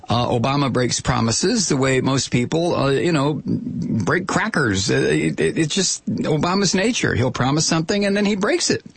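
A man delivering a political commentary monologue that rambles and turns profane, with many asides. His husky voice swings widely in pitch and sits a bit high for a man. The recording sounds dry and close. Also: no echo.

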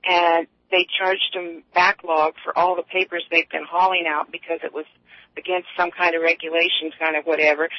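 A woman calling in to a radio show, telling long rambling stories with many restarts. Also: lowish voice. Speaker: caller. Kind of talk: casual radio call-in chat. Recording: dull lo-fi line, dry.

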